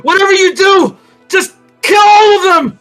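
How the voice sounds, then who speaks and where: A game master voicing a muscle-headed, honorable male warrior who shouts defiance. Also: very high voice, a little slow, soft background music, voice pushed up. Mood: defiant.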